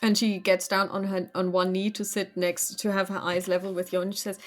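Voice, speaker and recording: A woman game master narrating a tabletop role-play in a relaxed, hesitant storytelling manner. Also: medium pitch, fairly quick.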